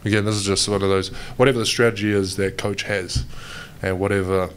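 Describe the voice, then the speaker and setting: Deep-voiced New Zealand man, casual. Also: flat delivery, brisk, slight background noise. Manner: casual, rambling, says "mate" constantly. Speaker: pro basketball player. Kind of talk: media day press interview.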